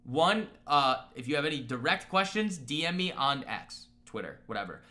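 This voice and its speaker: Bright-voiced young man chatting on stream. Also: mid-range voice, very animated, moderate pace. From Boston area. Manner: rambling, joking, reads live chat aloud. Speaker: trading stream host. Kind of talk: casual live-stream chat. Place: apartment room.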